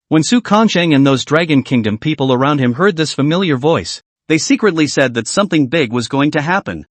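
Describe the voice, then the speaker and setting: A man giving scripted narration of a comic recap in a steady dramatic storytelling manner. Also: on the high side, dry recording.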